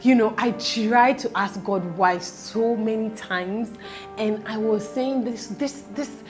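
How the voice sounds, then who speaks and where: A woman in her thirties speaking in a personal vlog, halting and close to tears, with faint music behind. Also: mid-range voice. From Nigeria. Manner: tearful, halting, fighting back tears. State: close to crying. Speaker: vlogger.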